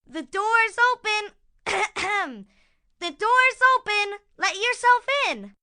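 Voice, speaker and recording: Lady doing a big bad wolf puppet, sneaky and sing-song, super high, bouncy. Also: very animated, drawn-out words, noisy background, full character voice. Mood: fake sweet. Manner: sly, wheedling, fake-sweet granny act. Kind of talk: puppet show acting.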